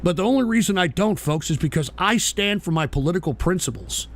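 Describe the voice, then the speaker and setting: High, gravelly man ranting live. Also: animated, a little fast. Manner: heated, profane ranting at chat viewers. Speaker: host of a live political stream. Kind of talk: live-streamed political commentary.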